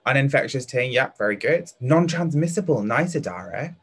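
A young man with a British accent leads a live online lesson for primary school children. He is upbeat and encouraging, reading out pupils' answers by name. His speech is casual and chatty, full of fillers, in a voice of ordinary pitch. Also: lively intonation, moderate pace, fairly bright tone, slightly rough. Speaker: teacher hosting an online lesson.

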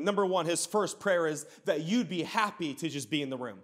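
A man's voice: fairly high pitch, animated, brisk, few pauses, fairly bright tone. A man in his thirties, a pastor, preaching a sermon in a conversational storytelling way with sudden bursts of emphasis.

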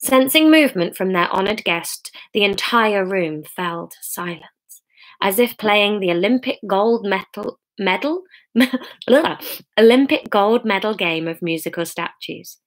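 A woman reading her own comic novel aloud on a home live stream, lively and chatty, laughing at her own slips between passages. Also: medium pitch, measured pace.

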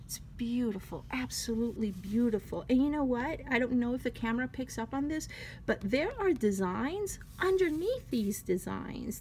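Gushing high-voiced woman with a Spanish accent. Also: a little mellow, a little hiss or hum. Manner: gushing, laughs often at herself. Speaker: paper craft vlogger. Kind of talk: casual product flip-through. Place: home craft room. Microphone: phone on a selfie stick.

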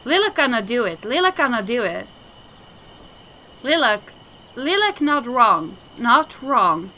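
A woman's voice: on the high side, sing-song, measured pace, bright, forceful tone, a little hiss or hum, exaggerated voice. A woman voicing a mad old male shaman who talks about himself in the third person in broken, childlike phrases. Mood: childish. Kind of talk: game dialogue voicing.

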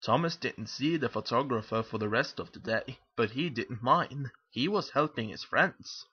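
A man narrating a children's picture book aloud in a lively, expressive storytelling manner. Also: medium pitch, normal speed, slightly rough, highs cut off.

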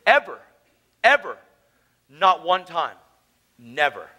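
A man with a high, bright, ringing voice delivers a testimony sermon at a conference. He drops to near-whispers as he sets a scene, then climbs into raw, emotional shouts. The delivery is intense, personal and unscripted. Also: big pitch swings, takes it slowly, rough recording. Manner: emotional, swings from hushed storytelling to shouting. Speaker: preacher.

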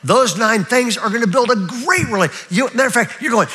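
An older man preaching a sermon as pastor, in a lively, chatty way that keeps checking in with his listeners. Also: very high-pitched, brisk, few pauses. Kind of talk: live sermon. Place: church auditorium.

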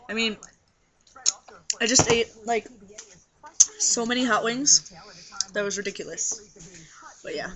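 Tired young trans guy, high bright voice. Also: fairly even intonation, slow pace, pauses often, low-quality recording. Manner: rambling, tired, many fillers. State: scratchy throat. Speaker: video blogger. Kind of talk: casual vlog monologue.

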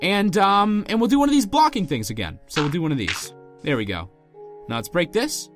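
A man's voice: sits high, sing-song, fairly quick, soft background music. A man giving let's play commentary as a channel host, pleading, exasperated and melodramatic.

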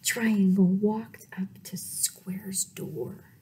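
A woman reading a picture book aloud at storytime, slow and playful, often dropping to dramatic whispers. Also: mid-range voice, fairly even intonation, warm tone, breathy edge. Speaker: children's librarian reading aloud.

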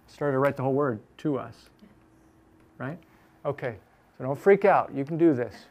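A man teaching a Bible class, repeating scripture phrase by phrase with slow emphasis, then explaining in a quick, lively way. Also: mid-range voice. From Chicago.

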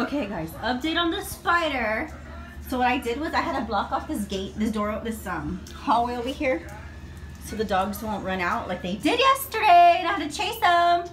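A woman's voice: sits high, very animated, moderate pace, fairly bright tone, a little hiss or hum. A woman vlogging on her phone at home, panicky and exclaiming with nervous laughter. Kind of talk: casual vlog to camera. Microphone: phone camera. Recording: echoey room.

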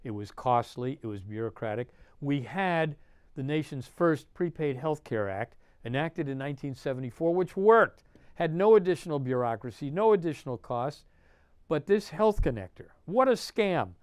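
A man's voice: mid-range voice, lively intonation, normal speed, darkish tone, clear, resonant tone, no room sound, clean studio sound. An older man, a state senator giving an emphatic, indignant political monologue. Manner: emphatic, indignant, punchy phrasing.

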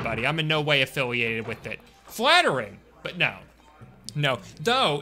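A man's voice: a little high, sharp tone. A young man streaming a video game, chatting casually and joking with his viewers. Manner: chatty, jokey, talks to chat. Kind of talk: casual gameplay commentary.

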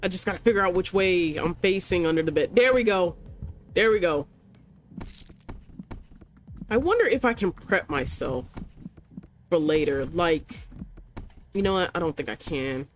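A woman gamer doing let's-play commentary at a desk mic, excitable, yelling commands at the game and bantering in casual slang. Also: on the low side, moderate pace, long pauses, slight background noise.

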